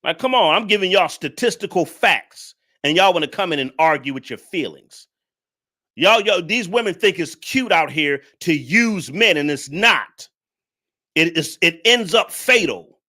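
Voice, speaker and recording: A man's voice: fairly high pitch, expressive, measured pace, pushed and bright. A man hosting a livestream, scolding his viewers in a preachy, repetitive rant. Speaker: livestream commentator. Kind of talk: ranting livestream commentary.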